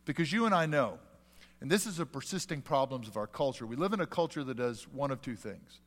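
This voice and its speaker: A man's voice: mid-range voice, lively intonation, a little fast, fairly bright tone. A man in his forties, a pastor preaching a sermon in a church sanctuary, earnest and fond of rhetorical questions. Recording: long hall reverb.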